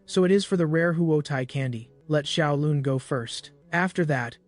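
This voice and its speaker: A man voicing a calm, brave mother figure who speaks steadily. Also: fairly high pitch, normal speed, no room sound, soft background music, natural voice.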